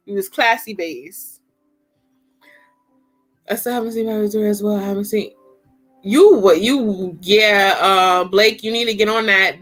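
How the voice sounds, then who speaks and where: Bright-voiced chatty woman livestreaming. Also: medium pitch. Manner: animated, chatty, slangy. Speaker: livestream host. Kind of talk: casual chat.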